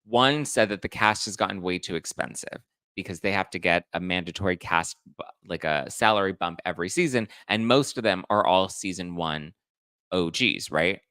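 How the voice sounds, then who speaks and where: A young man hosting a gossip live stream, chatty and camp. He sits low in pitch, with a bright, crisp tone over some vocal fry. The sound is close and dry. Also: normal speed, dry recording. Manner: chatty, camp, reads viewer comments and acts out quotes. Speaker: host. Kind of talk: live-stream pop culture chat.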